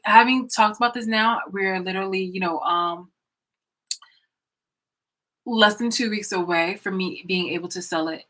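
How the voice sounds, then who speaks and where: Woman, bright voice, casual rambling storytelling, blunt and profane, at home. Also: mid-range voice, rough recording. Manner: rambling, with many fillers and restarts. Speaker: vlogger. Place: room in her home.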